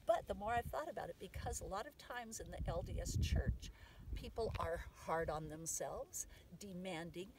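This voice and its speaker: A woman teaches a family practice outdoors in a relaxed, conversational way, stressing each affirmation out loud. The mic sits some way off and picks up faint hiss along with her voice. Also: mid-range voice, distant mic, low-quality recording. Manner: lively, says the affirmations out loud with emphasis. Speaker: mother teaching the medicine wheel. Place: outdoors on a sand dune.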